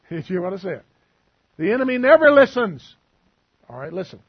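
A man's voice: sits high, sing-song, moderate pace, vocal fry, husky, lo-fi sound. A male preacher giving a sermon in a conversational, teasing way, asking the room questions.

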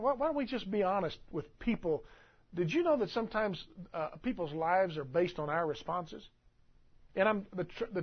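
A man preaching a sermon as pastor, emphatic and swinging between loud and soft delivery. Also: sits high, husky, highs cut off.

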